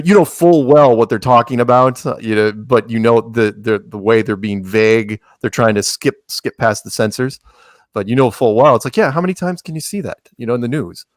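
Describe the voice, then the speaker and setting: A man's voice: medium pitch, no echo, studio quality. A man talking as a podcast guest in a rambling way, full of restarts and sarcastic asides. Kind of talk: casual chat.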